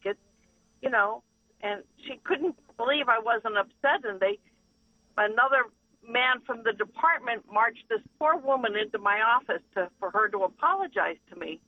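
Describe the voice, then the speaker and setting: A woman's voice: on the high side, moderate pace, dry recording. A woman calling in to a radio show, telling a story earnestly with small laughs. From Northeast Pennsylvania. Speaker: caller. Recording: dull phone-line sound.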